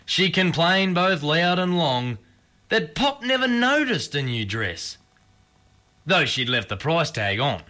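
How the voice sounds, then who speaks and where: A man reciting a comic rhyming bush poem in an animated storytelling manner. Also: fairly high pitch, slow pace.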